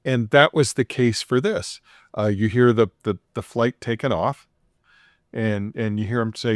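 A man's voice: medium pitch, a little slow, dry recording, studio quality. A man casually retelling a story on a podcast, playfully acting out the quoted voices with chuckles. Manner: animated retelling, acts out quoted dialogue with chuckles.

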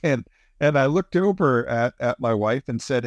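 Animated middle-aged man telling a story. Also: normal speed, no room sound, clean studio sound. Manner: animated, chuckling, pitch jumps up for emphasis. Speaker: podcast co-host. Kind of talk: casual storytelling chat.

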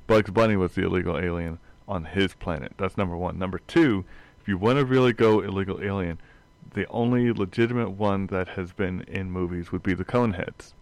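A man co-hosting a casual chat, dry and deadpan, arguing his points one by one. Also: sits low, fairly quick, no room sound. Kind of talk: casual banter.

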